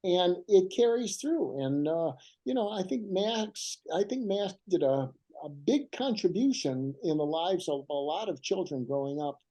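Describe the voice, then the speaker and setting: Animated older man telling stories. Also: high voice, low-quality recording. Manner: animated and emotional, slows down for emphasis. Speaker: guest writer. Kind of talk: heartfelt storytelling.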